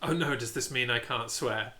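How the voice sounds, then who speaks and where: A man co-hosts a relaxed stream, cutting in with teasing, dry quips and the odd swear. His voice is very bright and forceful. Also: medium pitch, moderate pace. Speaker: co-host. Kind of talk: casual livestream chat.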